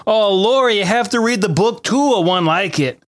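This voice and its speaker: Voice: medium pitch, lively intonation, normal speed, close to an everyday voice. A reader doing a scolding Victorian girl. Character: scornful Victorian young woman teasing a friend.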